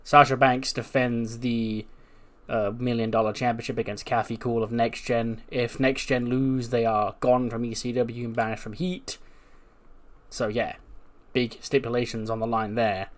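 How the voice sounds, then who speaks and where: A man's voice: medium pitch, little pitch movement, moderate pace. A man casually narrating and recapping his wrestling simulation game run with lots of fillers. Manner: casual, chatty, many fillers.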